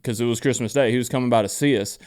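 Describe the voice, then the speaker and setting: A man co-hosting a casual podcast, easygoing and quick to laugh along with his partner. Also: mid-range voice, steady tone, a little mellow, clean tone. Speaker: podcast co-host.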